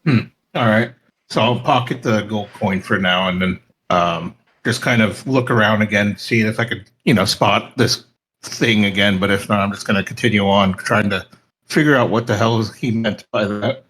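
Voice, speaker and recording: Low-voiced male player, faint noise. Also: normal speed, fairly bright tone. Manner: casual, hesitant, thinking aloud. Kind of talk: casual tabletop play.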